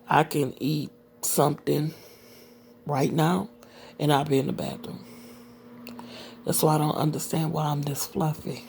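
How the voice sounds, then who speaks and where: A woman's voice: low-pitched, gravelly, warm tone, slight background noise. A woman in her late forties talking casually to her viewers in a personal vlog, rambling with many fillers and dropping into whispered asides. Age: 40s. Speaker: vlogger.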